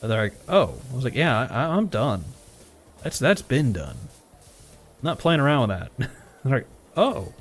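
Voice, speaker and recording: A male streamer of medium pitch talks slowly, with frequent pauses, as he tells a story while gaming live. He animates it with quoted back-and-forth, regular swearing, and chuckles.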